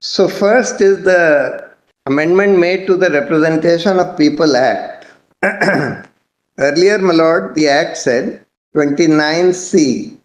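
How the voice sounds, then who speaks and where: Indian man arguing in an echoey courtroom. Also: on the high side. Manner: measured, methodical, formally addresses the bench. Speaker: advocate arguing before a court. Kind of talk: courtroom legal argument.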